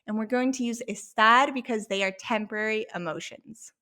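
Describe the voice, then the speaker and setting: A woman teaching an online language lesson from home, sounding out each word slowly and checking in with "okay?". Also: on the high side, bright, forceful tone. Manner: slow, drawn-out demonstration of words with frequent "okay?" checks. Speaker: Spanish teacher.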